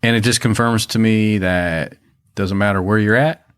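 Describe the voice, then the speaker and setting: A man's voice: on the low side, steady tone, normal speed, smooth. A man co-hosting a podcast, laid-back and often giving brief replies. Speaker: podcast co-host. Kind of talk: casual podcast chat.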